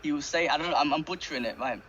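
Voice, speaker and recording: A man's voice: fairly high pitch, rapid-fire, fairly bright tone, muffled recording, slight background noise. Enthusiastic man rambling on a podcast. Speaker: podcast co-host. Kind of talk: casual podcast chat.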